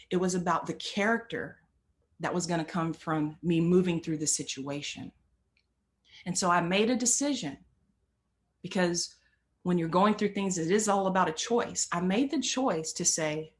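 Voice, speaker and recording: A woman's voice: lowish voice, a little slow. A woman giving an earnest motivational talk, telling a personal story and building on repeated phrases. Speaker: motivational speaker.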